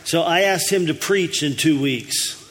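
A man's voice: fairly high pitch, a little slow, in a large hall, heavy background noise. A man, the lead pastor, telling folksy jokes to his congregation in an easygoing way. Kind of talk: telling jokes before a sermon. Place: church hall.

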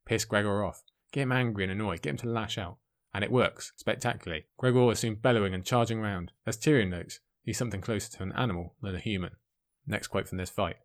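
A man giving an excited commentary on a fantasy book, speaking emphatically between the passages he reads out. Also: on the low side, fast. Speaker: book reviewer.

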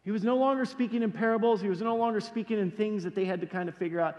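Male pastor, high and very expressive voice, casual animated sermon, long hall reverb. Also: very fast. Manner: casual, animated storytelling with slangy asides.

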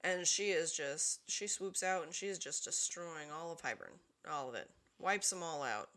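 A woman's voice: deep voice, normal speed, fairly bright tone. A woman co-hosting a podcast, recapping a book's plot in casual chat with many fillers. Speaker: podcast co-host. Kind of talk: casual book-club chat.

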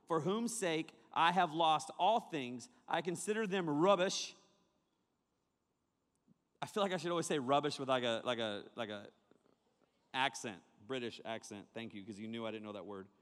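A man preaching to a young crowd as a youth pastor, joking and animated, talking straight to his listeners. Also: on the high side, big-room sound. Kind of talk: sermon.

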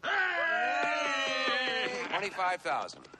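A pompous family-man dad in a comedy film, very high bright voice, slow deliberate delivery, grand announcer manner. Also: wildly swooping pitch, a little hiss or hum, heavily acted. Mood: proud. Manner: grandiose, showman-like. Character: proud middle-aged family dad decorating. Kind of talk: 1980s comedy film acting.

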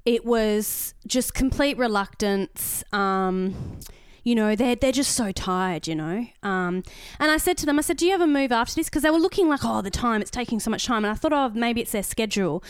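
An Australian woman co-hosting a podcast, telling a story in casual chat, animated and swearing, acting out the voices of others. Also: fairly high pitch, moderate pace, clear, resonant tone, no echo. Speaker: podcast co-host.

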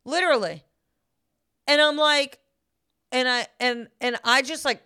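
A young woman co-hosting a podcast, telling a story in an animated, profane way and acting out what others said. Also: a little high, a little slow, pauses often, clear, resonant tone. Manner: animated, profane, acts out quotes. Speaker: podcast co-host. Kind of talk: casual chat, storytelling.

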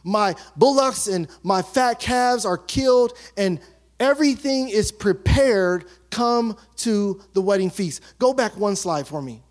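High-voiced pastor preaching, animated storyteller. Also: male voice, measured pace. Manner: animated storytelling, acting out townspeople's chatter; drops to a hush for emphasis. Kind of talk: sermon.

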